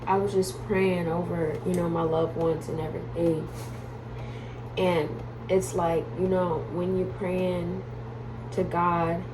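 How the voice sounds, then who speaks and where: A woman vlogging at home who coos at her children in high baby talk and then speaks earnestly about her faith. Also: little pitch movement, takes it slowly, noisy background. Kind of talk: casual family vlog and personal testimony.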